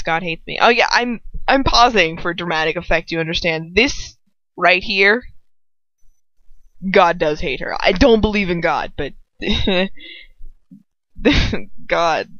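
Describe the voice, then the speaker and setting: A woman's voice: lowish voice, fairly bright tone, no echo, highs cut off. A young woman chatting in a rambling aside during a story reading. She giggles, swears freely and trails off to restart her thoughts. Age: young adult. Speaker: fanfiction reader.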